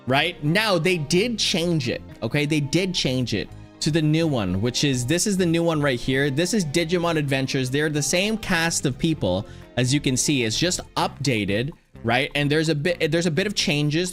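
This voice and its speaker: A man's voice: a little high, fairly bright tone. A man streamer chatting casually and rambling, often restarting his sentences. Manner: rambling, with many restarts and fillers. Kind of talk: casual chat.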